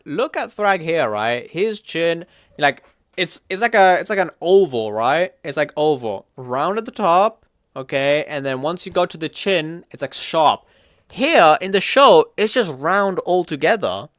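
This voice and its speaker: A young man livestreaming, chatting casually and reacting to chat in a slangy, animated way. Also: fairly high pitch, no echo, studio quality.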